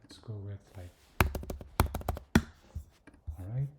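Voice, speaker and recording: A man's voice: lowish voice, slow pace, heavy background noise. A man walking through a design tutorial on screen, thinking aloud, hesitant and full of fillers, often dropping to a mutter or whisper. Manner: hesitant, many fillers and restarts. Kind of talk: screen-recorded design walkthrough. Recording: echoey room.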